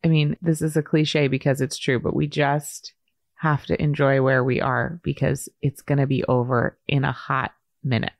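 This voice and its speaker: A woman's voice: a bass voice, little pitch movement, normal speed, creaky, no room sound, clean studio sound. A woman in her forties co-hosting a podcast, talking in an earnest, reflective way with many fillers. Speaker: podcast co-host. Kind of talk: casual podcast chat.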